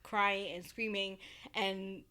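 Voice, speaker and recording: A Puerto Rican woman, a podcast guest, chatting casually and telling animated parenting stories, acting out quotes in a raised voice. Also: medium pitch, slow pace, clear, resonant tone. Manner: animated storytelling, acts out quotes loudly. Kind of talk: casual chat.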